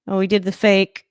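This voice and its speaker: A woman hosting a casual livestream reaction to a football game, chatty and rambling, laughing often and breaking into sudden excited outbursts. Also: medium pitch, clear, resonant tone, dry recording, studio quality. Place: home room, moving around the camera.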